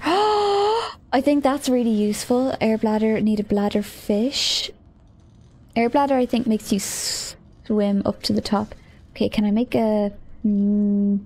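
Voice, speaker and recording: A woman's voice: mid-range voice, a little mellow. A woman streamer chatting casually as she plays, thinking aloud, easily startled and often giggling.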